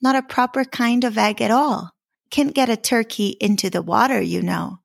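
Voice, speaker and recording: A know-it-all old duck from a storybook, lecturing with disapproval, as a woman reads her part. The voice is a little high with some gravel in it. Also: normal speed, no room sound, studio quality. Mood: disapproving.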